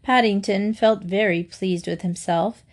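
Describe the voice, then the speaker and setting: A woman reads a children's story aloud at a middle pitch. Her telling is gentle and steady, made for listening. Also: measured pace. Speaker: storybook reader. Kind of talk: reading a children's book aloud.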